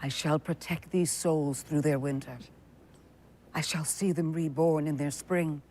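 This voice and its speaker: A woman's voice: deep voice, steady tone, unhurried, a little mellow. A woman reading a solemn guardian of souls who swears loyalty to a queen, earnest and vow-like. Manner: earnest, vow-like, dropping to a whisper.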